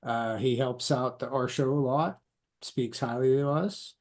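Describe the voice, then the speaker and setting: A man's voice: mid-range voice, fairly even intonation, unhurried, darkish tone. A man co-hosting a comics podcast, making casual announcements with fillers. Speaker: podcast co-host.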